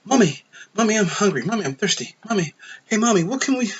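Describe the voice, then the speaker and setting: A man's voice: high voice, lively intonation, fast talker, husky, voice pushed up. A man voicing a grown male hero with a child's mind, whining and needy for his mother. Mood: whiny childlike. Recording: dull lo-fi recording.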